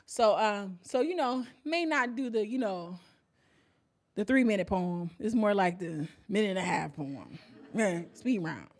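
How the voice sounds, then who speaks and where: A woman's voice: mid-range voice, measured pace. A woman hosting a poetry open mic on a cafe stage, talking casually and hyping up the crowd. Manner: lively, hypes up the crowd, casual slang.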